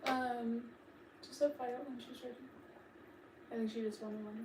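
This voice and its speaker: A woman chatting quietly and gently with a friend during his livestream. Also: a little high, fairly even intonation, moderate pace, far from the mic, noisy background. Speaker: friend checking in. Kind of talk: casual chat. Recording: echoey room, off-mic.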